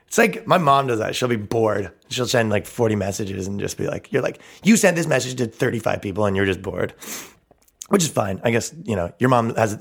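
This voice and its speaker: A man's voice: on the low side, gravelly, fairly bright tone. A man hosting a comedy podcast, ranting in a brash, mocking and profane way. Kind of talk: crude ranting podcast talk.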